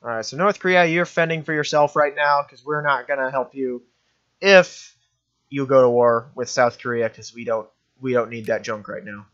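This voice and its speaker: A man's voice: mid-range voice, normal speed, fairly bright tone, lo-fi sound. A young man giving offhand, rambling commentary while playing a strategy game, often correcting himself. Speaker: gaming commentator. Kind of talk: let's play commentary.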